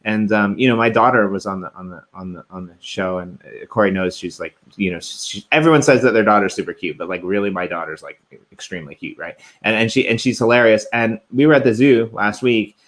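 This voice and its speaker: A man's voice: fairly low pitch, a little fast, hardly any pauses, fairly bright tone. A young adult man co-hosting a casual show, telling stories in an upbeat, chatty way. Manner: eager storyteller, upbeat and chatty. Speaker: co-host. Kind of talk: casual podcast chat.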